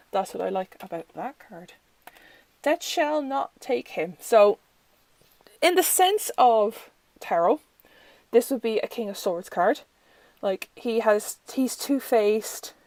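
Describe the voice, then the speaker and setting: A woman's voice: a little high, dry recording, low-quality recording. An Irish woman reviewing a tarot deck in casual, rambling chat, full of fillers and self-corrections. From Ireland.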